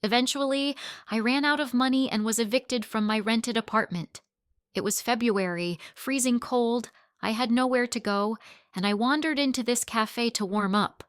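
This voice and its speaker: A woman's voice: fairly high pitch, normal speed, clear, resonant tone, no room sound, studio quality, voice pushed up, lightly acted. A woman playing a poised businesswoman. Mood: reminiscing. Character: poised successful businesswoman, kind and confident.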